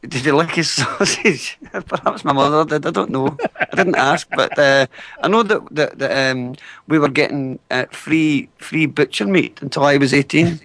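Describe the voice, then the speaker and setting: Scottish male co-host, slightly high voice, rambling storyteller, dry close sound. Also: normal speed, fairly bright tone, no echo. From Scotland. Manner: rambling anecdotal storyteller with restarts. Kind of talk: casual chat.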